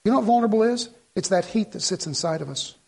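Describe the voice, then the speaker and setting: A man's voice: high-pitched, expressive, fast, gravelly, darkish tone, breathy edge. A middle-aged pastor preaching a sermon, telling a Bible story and acting out its dialogue, often repeating and restarting his words.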